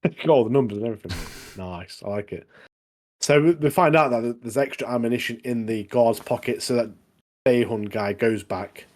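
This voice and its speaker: A man's voice: mid-range voice, normal speed. A man co-hosting a podcast, chatting casually and recapping a show with acted-out quotes. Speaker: podcast co-host. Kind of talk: casual chat.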